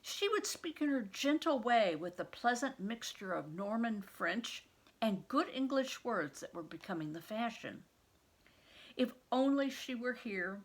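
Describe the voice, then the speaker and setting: A woman's voice: medium pitch, creaky, a bit bright. An older woman, a retired reading teacher, reading a storybook aloud and patiently stopping to explain words to children.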